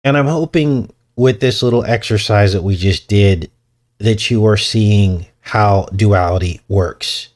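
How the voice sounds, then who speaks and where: Male host, lowish voice, casual livestream chat, self-deprecating, chuckles often. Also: unhurried, a little mellow.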